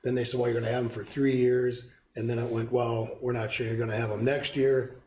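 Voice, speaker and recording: Flat-voiced man in an echoey room. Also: mid-range voice, brisk, a little hiss or hum. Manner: rambling, informal. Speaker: school board member. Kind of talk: meeting remarks. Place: school board meeting room.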